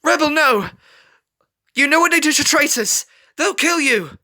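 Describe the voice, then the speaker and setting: A man voicing a young female fox, brave and desperate, in a read-aloud fan story, with high pleading cries. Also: very slow, fairly bright tone, exaggerated voice.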